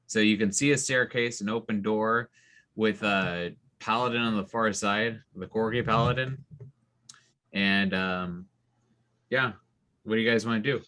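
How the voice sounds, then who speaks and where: Low bright-voiced man running a game. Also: a little slow. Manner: relaxed descriptive narration with fillers. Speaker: game master. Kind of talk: narrating a tabletop game.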